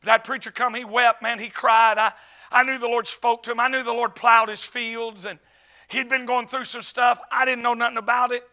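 An evangelist preaching in a church, his voice very high and piercing bright. He tells stories with animated swings and frequent bursts of shouting, his drawl plain throughout. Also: normal speed. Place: church sanctuary.

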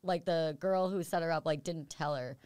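A woman hosting a podcast, chatting casually and telling a story with lots of fillers and animated quoted dialogue. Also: low voice, normal speed, clear, resonant tone, dry recording. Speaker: podcast host. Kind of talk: casual chat.

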